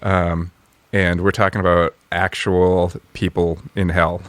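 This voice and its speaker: A man's voice: low voice, level tone, unhurried, a bit bright, no room sound. A man co-hosting a podcast, tossing in easygoing ideas and chuckling often in casual banter. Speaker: podcast co-host. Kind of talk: casual comedic brainstorming chat.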